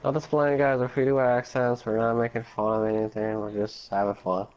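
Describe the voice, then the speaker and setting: A man's voice: mid-range voice, flat delivery, a little fast, a little mellow. A man hosting a casual gaming livestream, laid-back and laughing often, reading chat aloud. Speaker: streamer host. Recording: dull lo-fi stream audio with faint noise.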